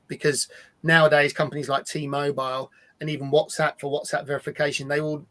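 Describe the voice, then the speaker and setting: A man is presenting a software demo on a live stream, speaking casually and repeating words whenever he restarts a sentence. His voice sits on the high side.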